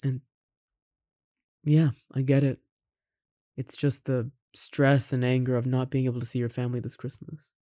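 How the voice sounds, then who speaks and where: A performer voicing a caring roommate who confesses love in a romantic audio roleplay, speaking softly with gentle laughs and sighs. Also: mid-range voice, flat delivery, normal speed, long pauses, no echo, clean studio sound, lightly acted. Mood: tender.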